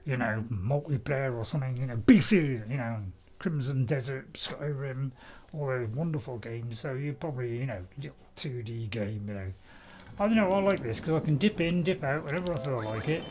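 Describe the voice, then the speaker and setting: A man's voice: on the high side, darkish tone, low-quality recording. Chatty older man narrating gameplay. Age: 70s. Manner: rambling, chatty, joking and self-mocking. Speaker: gaming channel host. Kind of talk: casual gameplay commentary.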